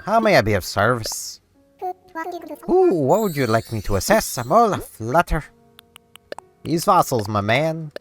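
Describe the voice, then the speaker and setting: A man voices a fussy, excitable male owl who runs a museum, using pompous, flowery, old-fashioned phrasing and gushing exclamations. His voice is medium in pitch and pushed up.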